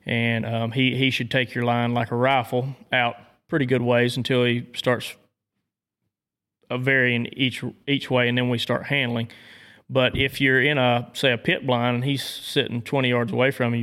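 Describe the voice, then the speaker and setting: A man from Georgia with a Southern accent, explaining dog training in a casual chat, measured and steady. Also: mid-range voice. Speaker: dog trainer and duck hunter.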